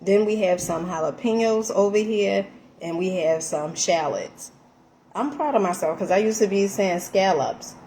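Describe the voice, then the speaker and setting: A woman's voice: mid-range voice, normal speed, a little hiss or hum. Chatty woman in a home kitchen. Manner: chatty, animated, calls viewers honey, lots of fillers. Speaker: vlogger. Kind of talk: casual cooking vlog.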